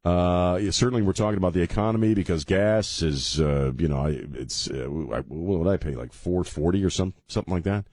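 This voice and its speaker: A man's voice: sits low, a little fast, hardly any pauses, a little mellow, no room sound, studio quality. A man hosting a talk radio show, rambling casually and joking at his own expense, then turning earnest about faith. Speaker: radio host. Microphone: studio mic with headphones.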